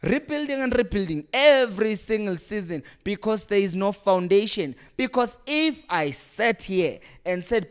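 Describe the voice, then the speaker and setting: A man's voice: high voice, animated, normal speed, few pauses, clear, resonant tone. A young man hosting a fan channel, ranting with exasperation and hammering rhetorical questions. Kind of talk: passionate fan rant to camera.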